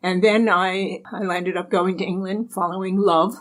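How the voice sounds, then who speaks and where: A woman's voice: on the low side, steady tone, moderate pace, slight background noise, rough recording. Older American woman telling stories. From United States. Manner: chatty, anecdotal, laughs often. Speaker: interview guest. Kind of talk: casual storytelling interview.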